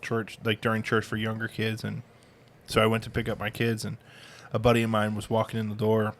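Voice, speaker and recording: A man's voice: on the low side, monotone, fairly quick. A man in his thirties, a podcast co-host, telling funny family stories in a casual, sarcastic way and laughing often. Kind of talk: casual chat.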